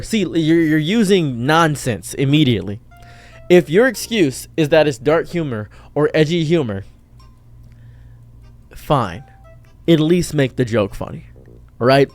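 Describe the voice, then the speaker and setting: Exasperated man ranting, higher-pitched voice. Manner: exasperated ranting, swings from loud outbursts to muttered asides. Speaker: commentary streamer. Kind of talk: reaction commentary.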